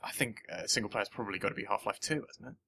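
A man co-hosting a casual podcast chat, talking quickly and stumbling over his words. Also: on the low side, sharp tone, husky. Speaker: podcast co-host.

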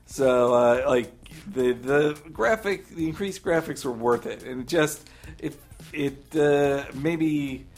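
A man's voice: medium pitch, takes it slowly, darkish tone, soft background music. Chatty man in a gaming chat. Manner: chatty, opinionated, many fillers.

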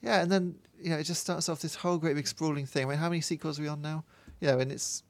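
A man's voice: a little high, fairly even intonation, fast talker, gravelly, dry recording. Rambling male co-host, dry sound. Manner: rambling explanations with ums and ahs. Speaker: podcast co-host. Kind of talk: casual chat.

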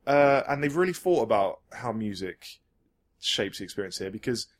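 A man's voice: fairly low pitch, animated, normal speed. A man co-hosting a podcast, talking with enthusiasm about a racing game and getting carried away. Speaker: podcast co-host, game reviewer. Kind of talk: casual chat.

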